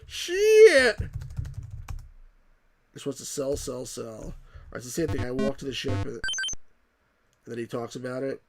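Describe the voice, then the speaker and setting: A man's voice: medium pitch, little pitch movement, fairly quick, long pauses, darkish tone, a little hiss or hum. A man hosting a let's play, rambling casually as he reads game text and chat aloud.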